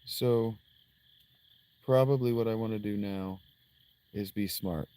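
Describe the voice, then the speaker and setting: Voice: medium pitch, slow pace, warm tone, dry recording. A game streamer chatting casually while playing, with ums and offhand swearing. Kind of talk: casual let's-play commentary.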